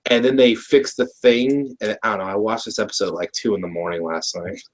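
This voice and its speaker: This co-host of a laid-back review show talks a little fast in a fairly low voice with fairly even intonation. He rambles through an episode recap, full of restarts and laughter mid-sentence.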